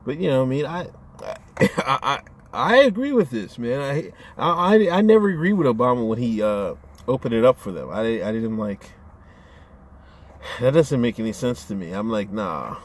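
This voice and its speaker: A man's voice: medium pitch, big pitch swings, normal speed, slight background noise. A man ranting on his own channel in a casual, profane, rambling way, often stammering as he restarts his sentences. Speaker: vlogger. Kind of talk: casual rant to camera.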